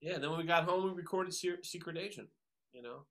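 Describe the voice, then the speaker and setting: A man's voice: on the high side, fast, a bit bright. A man from the New York area, a guest musician, telling stories casually with lots of fillers and acted-out quotes. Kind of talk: casual storytelling.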